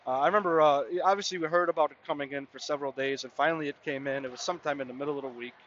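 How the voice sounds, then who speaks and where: Rapid-fire and steady in tone, a mid-twenties man with a slightly high, somewhat bright voice hosts a podcast. His story meanders casually, full of "you know" and "I mean." The audio lacks high frequencies and carries a little hiss or hum.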